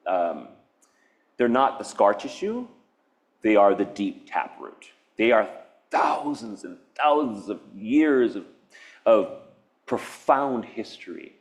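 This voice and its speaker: A man's voice: fairly low pitch, very animated, slow. A man from Hawaii giving a public artist talk, reflective and earnest, wandering between thoughts with restarts and laughs. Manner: meandering, nonlinear, with frequent restarts and laughs. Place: university event space.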